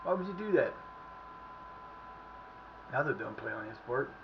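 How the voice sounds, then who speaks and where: A middle-aged man streaming live and chatting casually as he plays, excitable and profane, often yelling at the action. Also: medium pitch, normal speed, vocal fry, highs cut off, noisy background. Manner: excitable, profane, shouts at the play. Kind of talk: casual live commentary while playing.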